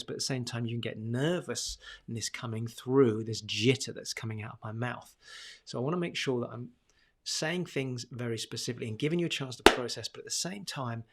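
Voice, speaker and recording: A man teaching confidence and communication to camera, with deliberate, emphatic delivery and punchy pauses. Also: medium pitch, slight background noise. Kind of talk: instructional talk to camera.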